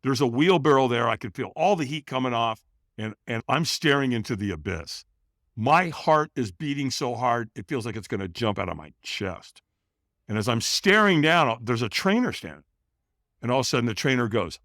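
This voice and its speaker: A middle-aged man from California, telling a personal story as a podcast guest with animated, dramatic delivery. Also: moderate pace, no echo, studio quality. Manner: animated, acts out other people's lines with bursts of pitch and volume. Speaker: podcast guest, company founder.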